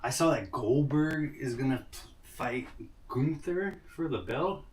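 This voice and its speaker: A man's voice: mid-range voice, animated, a little slow. A man chatting casually to viewers on a live stream, rambling and greeting them by name, a bit out of breath. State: out of breath after push-ups. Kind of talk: casual IRL livestream chat. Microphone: camera mic without lapel mics. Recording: distant mic with faint noise.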